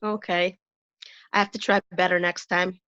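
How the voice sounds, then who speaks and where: A woman's voice: on the low side, little pitch movement, normal speed, a bit bright, smooth, no echo. A middle-aged woman chatting casually as an interview guest, telling a long joke with many fillers and restarts. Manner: jokey storyteller, lots of fillers and restarts. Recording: dull lo-fi call audio.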